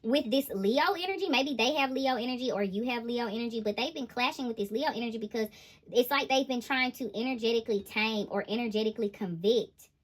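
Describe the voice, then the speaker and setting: A woman giving a casual tarot reading to her viewers, animated and exclaiming as she goes. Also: on the high side, fast talker. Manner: animated, laughing, exclaiming "ooh, child". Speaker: intuitive tarot reader.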